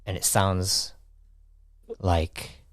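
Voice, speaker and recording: A man narrating as game master, slowly and loosely, often restarting his sentences. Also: low-pitched, little pitch movement, dry recording, studio quality. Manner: slow, with restarts and hedging "like".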